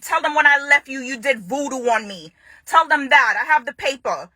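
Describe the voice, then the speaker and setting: A woman's voice: sits high, animated, moderate pace, sharp tone, dry recording. A young adult woman making an angry public statement to her ex-partner, confrontational and furious, repeating phrases for emphasis.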